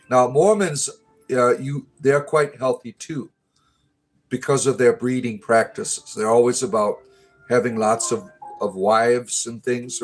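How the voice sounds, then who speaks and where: A man hosting a livestream, chatting casually and jokingly with viewers in a rambling way with many fillers and restarts. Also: mid-range voice. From United States. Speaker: livestream host.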